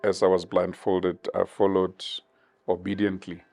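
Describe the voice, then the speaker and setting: Low, gravelly, flat-voiced man. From South Africa. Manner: measured, thoughtful, with many pauses and fillers. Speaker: interview guest. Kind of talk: reflective interview answers.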